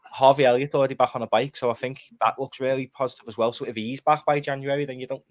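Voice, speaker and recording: A man's voice: medium pitch, fairly even intonation, quick pace, no echo. A man chatting casually as a football podcast panelist, laughing easily and hedging with fillers.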